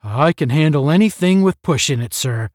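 A man's voice: on the high side, lively intonation, moderate pace, darkish tone, no room sound, studio quality, pitched above the performer's own voice, natural voice. A man reading as a big, blunt young cadet. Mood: gruff. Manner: blunt, gruff.

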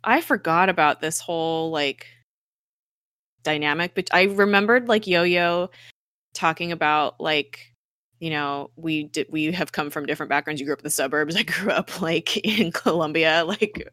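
A woman with a low-pitched but bright, forceful voice chats through a TV recap. She talks animatedly and slips into the characters' lines as she retells scenes. The sound is dry and close. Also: normal speed, no room sound. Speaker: podcast co-host. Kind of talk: casual chat recapping a TV show.

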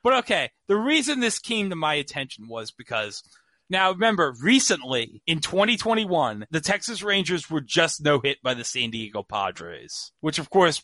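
A man's voice: a little high, pushed and bright, dry recording. A man hosting a podcast, telling a story in casual chat with lots of fillers. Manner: chatty storyteller, many fillers. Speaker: podcast host.

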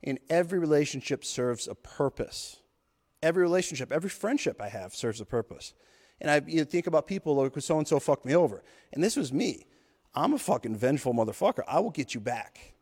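Fired up guy ranting motivation, swears a lot, voice a bit high, long echo around him. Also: big pitch swings, a little fast, a little mellow, slightly rough. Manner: intense, profane, fired up. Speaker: podcast host. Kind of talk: motivational monologue. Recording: long hall reverb.

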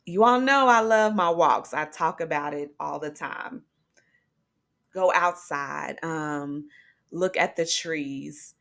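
A young woman with a low, gravelly voice hosts a faith-based podcast. She speaks earnestly and casually, with plenty of ums and restarts. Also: fairly bright tone. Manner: earnest, conversational, frequent fillers. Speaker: podcast host.

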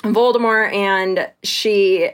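A woman co-hosting a podcast has a clear, resonant, medium-pitched voice, fairly even intonation, and drawn-out words. She chats casually about a book, using plenty of fillers and acting out quotes.

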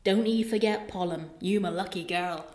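A woman voicing a small country girl talking to her mother, read out softly from a book. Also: high voice, big pitch swings, unhurried, pitched above the performer's own voice, exaggerated voice. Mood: curious.

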